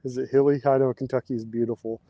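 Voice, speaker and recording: A man with a mid-range voice hosts a casual livestream outdoors, digging post holes and chatting with viewers as he works. He talks quickly and flatly, reading out viewer comments and sometimes running out of breath. The recording is dry and muffled.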